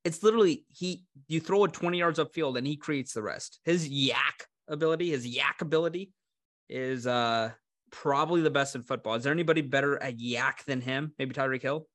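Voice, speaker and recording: A man's voice: mid-range voice, a little fast, a bit bright. A man co-hosting a casual sports betting chat, opinionated and sarcastic as he makes his football picks. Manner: puts on a mock Cleveland accent at times. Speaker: podcast co-host making football picks.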